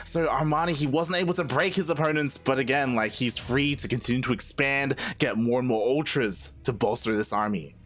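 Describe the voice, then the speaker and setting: A man's voice: medium pitch, fairly quick, hardly any pauses, a bit bright, faint music behind. A man giving analytical color commentary on a strategy game and summing up the game once it ends. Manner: analytical, sums up each game. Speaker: esports co-caster.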